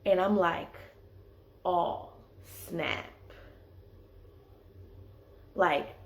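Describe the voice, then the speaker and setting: A young woman casually telling a personal story, filling her sentences with "like". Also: mid-range voice. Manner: chatty, leans on "like" as filler. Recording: echoey room.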